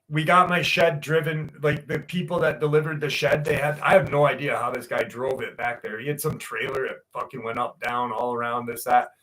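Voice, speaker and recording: A man's voice: on the high side, fairly bright tone, low-quality recording. A man hosting a podcast, telling rambling, profane anecdotes full of fillers and reading a listener's story aloud. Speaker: podcast host.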